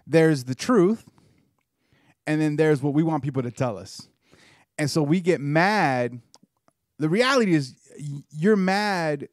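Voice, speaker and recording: A man's voice: fairly high pitch, lively intonation, a little slow, pauses often, no room sound, clean studio sound. A man co-hosting a podcast, making pointed, teasing remarks in casual conversation. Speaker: podcast co-host.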